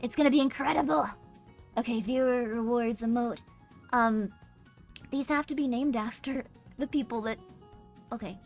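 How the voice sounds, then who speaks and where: High-pitched bubbly young woman streamer. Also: moderate pace, pauses often, faint music behind. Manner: bubbly, jumps to squeaky highs when excited. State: tired. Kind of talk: casual live-stream chat.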